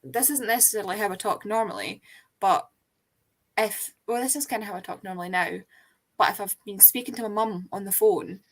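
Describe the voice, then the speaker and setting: A woman's voice: medium pitch, a little fast. Scottish woman from Fife, chatty. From Scotland. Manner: chatty, storytelling. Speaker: guest. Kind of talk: casual chat between friends.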